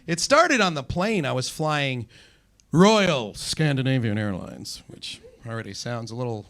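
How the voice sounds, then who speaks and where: A man's voice: medium pitch, animated, measured pace, fairly bright tone. A young man doing a stand-up comedy set on a club stage, rambling and self-deprecating with lots of fillers.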